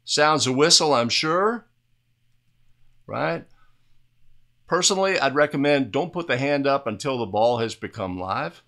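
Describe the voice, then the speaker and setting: A basketball officiating instructor reviews game footage, talking over the video in a bright, mid-range voice that's animated yet unhurried, with frequent pauses. He explains as he goes, repeatedly tagging statements with "right?" and using fillers and restarts.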